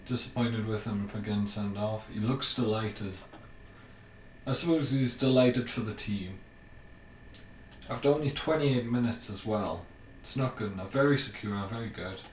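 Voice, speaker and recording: A young man giving casual commentary over a video game he is playing, thinking aloud with ums and bursts of excitement. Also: medium pitch. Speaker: gaming YouTuber. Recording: roomy, mic at a distance, faint hiss.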